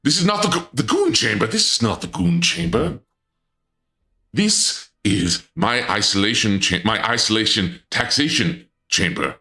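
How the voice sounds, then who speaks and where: Man, livestream dark lord persona, bright forceful voice, fairly low pitch, flustered, stammering, sudden squeaky outbursts. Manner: stammers and restarts often. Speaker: streamer.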